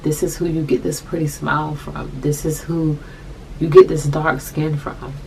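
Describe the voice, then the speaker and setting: A young adult woman telling a personal story to camera, soft-spoken and halting, often repeating her phrases. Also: low voice, little pitch movement, vocal fry, a little hiss or hum, poor audio. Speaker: vlogger.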